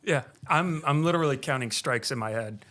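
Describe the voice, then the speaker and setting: A young man co-hosting a podcast, chiming in with quick remarks and adding his side of a shared story in casual chat. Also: mid-range voice, sharp tone. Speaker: podcast co-host.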